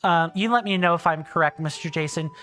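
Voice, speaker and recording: Quick-paced and a bit bright, a fairly high-pitched man hosts a casual game livestream. He's in his thirties, from South Carolina, US, with an accent that sounds British, and he reads chat in a rambling, friendly way full of fillers and restarts.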